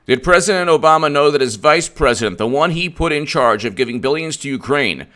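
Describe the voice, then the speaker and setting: A man giving solo political commentary, animated, acting out little scenes and restarting mid-sentence. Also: on the high side, fairly quick.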